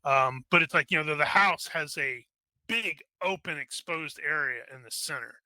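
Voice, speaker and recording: A man's voice: fairly high pitch, moderate pace, pushed and bright, dry recording. A man running a tabletop game as game master, narrating loosely with many fillers and restarts.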